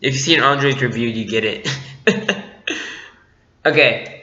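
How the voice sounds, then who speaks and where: Young male vlogger, chatty and excitable, bright tone; echoey room with lo-fi sound. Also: mid-range voice, slow pace. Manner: excitable, chatty, laughs often. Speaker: movie reviewer. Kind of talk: casual vlog review.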